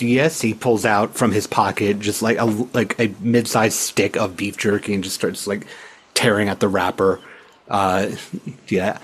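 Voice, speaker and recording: A man's voice: on the low side, level tone, a little slow, slightly rough. A man narrating as game master in a loose, casual way, with many fillers.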